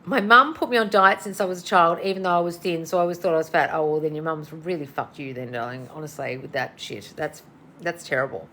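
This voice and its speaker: A woman's voice: low-pitched, fairly even intonation, fast, bright, forceful tone, slight background noise. A tired woman coach answering listener questions in a casual livestream, blunt and swearing, calling everyone darling. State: tired and yawning. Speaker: manifestation coach.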